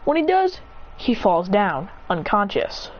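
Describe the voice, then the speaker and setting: A woman's voice: medium pitch, very animated, a little slow. A woman casually narrating an improvised story, rambling and correcting herself as she acts out the characters' lines. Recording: dull lo-fi recording with faint noise.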